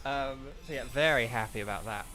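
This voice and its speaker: A man, a voice actor, giving casual live commentary while streaming a game, chatty with lots of ums and sudden excited bursts. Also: medium pitch, brisk, over music.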